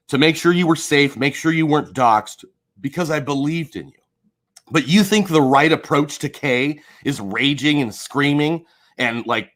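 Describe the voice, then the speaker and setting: An angry man on a livestream, swearing and swinging between low mutters and shouts. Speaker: streamer. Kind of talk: heated livestream rant.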